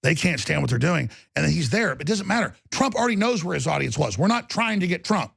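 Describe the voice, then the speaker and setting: Male host, gravelly rasp, husky, ranting monologue, dry close sound. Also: on the high side, big pitch swings, fast, fairly bright tone, no room sound. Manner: intense, emphatic, rambling. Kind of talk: ranting talk show monologue.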